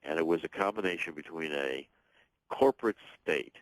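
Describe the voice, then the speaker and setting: A man's voice: rumbling low, moderate pace, no echo, low-quality recording. A man speaking as a guest author and political commentator on a radio talk show, talking emphatically in long runs with frequent restarts.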